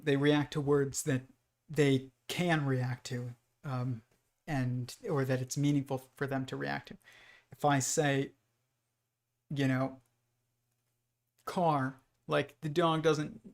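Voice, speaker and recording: A man hosting a livestream, talking through ideas in a loose, rambling monologue full of restarts and fillers. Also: mid-range voice. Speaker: host.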